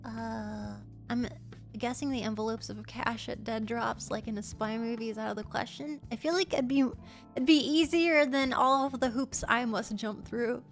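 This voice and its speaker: A woman streaming casually, bubbly and excitable, gasping and chatting to her viewers. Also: on the high side, normal speed, soft background music. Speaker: livestreamer. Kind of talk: casual livestream chat.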